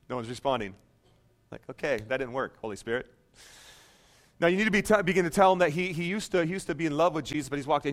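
A man preaching a sermon, telling stories in an animated, self-mocking way with joking asides. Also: mid-range voice, fast talker.

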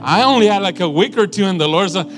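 A middle-aged man preaching a sermon in an animated, emphatic way, telling stories to a congregation. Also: high voice, quick pace. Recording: guitar and piano music underneath.

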